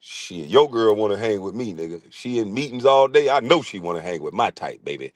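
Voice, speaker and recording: A middle-aged man streaming a profane comic rant, crude, loud and laughing often. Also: on the low side, lively intonation, a little fast, dry recording.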